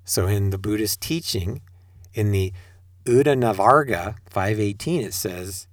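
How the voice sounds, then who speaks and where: Middle-aged male preacher, animated delivery, rhetorical questions, dry close sound. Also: on the low side, a little slow, dry recording. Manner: rhetorical questions, addresses listeners directly. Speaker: spiritual teacher. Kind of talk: sermon-style talk.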